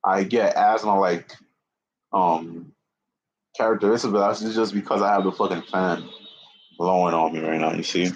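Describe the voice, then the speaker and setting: A young man in his late twenties talks on a live stream in a low voice, cursing constantly and circling back over his own words. He sounds slightly winded, and the audio is dull and muffled. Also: steady tone, moderate pace, long pauses. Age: 20s. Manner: profane, repetitive, restarts often. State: slightly out of breath. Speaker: livestreamer. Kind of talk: rambling live-stream monologue. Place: indoor room with a fan.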